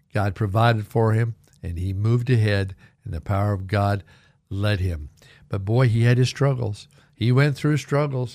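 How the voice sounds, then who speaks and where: A man's voice: fairly low pitch, darkish tone, dry recording, clean studio sound. A man who is a pastor and radio host, giving a folksy, conversational devotional talk and reading scripture earnestly. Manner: folksy and conversational, jokes lightly; earnest, heartfelt prayerful reading.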